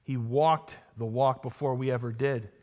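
A male pastor preaching a sermon, emphatic, asking the congregation rhetorical questions and swinging between loud declarations and hushed, low stresses. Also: fairly even intonation, normal speed.

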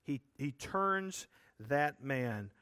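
A man's voice: mid-range voice, lively intonation, drawn-out words, pushed and bright, smooth, no room sound, studio quality. A man preaching a sermon, explaining a scripture passage in an earnest, emphatic way with rhetorical asides to his listeners.

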